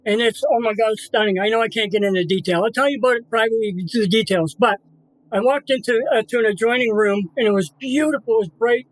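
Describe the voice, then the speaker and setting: High-voiced middle-aged man, earnest storyteller. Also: fast talker, low-quality recording. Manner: earnest, repeats himself, acts out voices in his story. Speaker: guest. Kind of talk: emotional personal storytelling.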